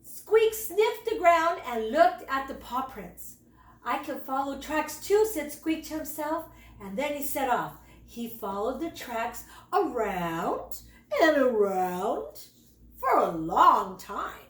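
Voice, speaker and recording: A woman teacher reading a children's storybook aloud in an expressive, slow storytelling manner. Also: high-pitched, recorded from a distance. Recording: roomy, away from the mic.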